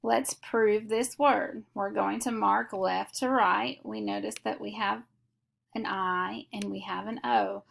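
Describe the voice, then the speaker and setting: A woman teaching a phonics lesson, explaining each step slowly and methodically. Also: medium pitch, fairly even intonation, vocal fry, a bit bright. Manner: slow, deliberate, methodical explanation.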